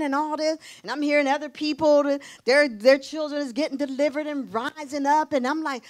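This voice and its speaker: A middle-aged woman pastor preaching a sermon, telling a personal testimony, dropping to hushed tones and rising to exclamations. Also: high-pitched, normal speed, few pauses. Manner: emotional testimony, shifting between hushed and exclaiming.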